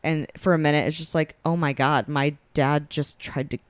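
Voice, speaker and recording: A woman's voice: sits low, fairly even intonation, normal speed, clean tone, dry recording, studio quality. A young woman co-hosting a podcast, retelling a spicy romance plot in casual chat and acting out the characters' lines. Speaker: podcast co-host.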